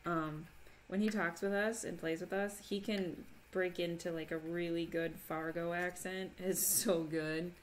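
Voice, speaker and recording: A woman's voice: on the low side, fairly even intonation, measured pace, hardly any pauses, a little hiss or hum. A woman from Minnesota chatting casually on a crafting livestream, reading chat aloud and laughing often. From Minnesota, USA. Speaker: livestream host.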